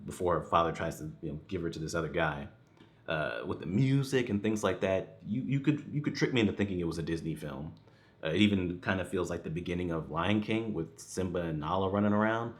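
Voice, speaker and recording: A man giving a casual spoken movie review, rambling with many restarts and fillers and chuckling now and then. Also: low-pitched.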